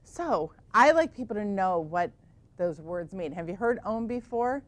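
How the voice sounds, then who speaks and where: A woman teaching yoga to children in a gentle, encouraging way, asking them lots of questions. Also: medium pitch, lively intonation, a little slow, no echo.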